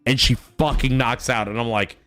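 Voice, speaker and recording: A man's voice: medium pitch, normal speed, no room sound, faint music behind. A man streaming a game, telling stories about his toddler in a casual, swearing chat. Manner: animated storytelling, swearing. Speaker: father.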